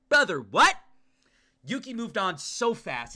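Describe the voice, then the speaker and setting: A young man streaming a game, riffing excitedly to his chat and swearing freely at a desk mic. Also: sits high, slow pace. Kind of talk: gaming livestream commentary.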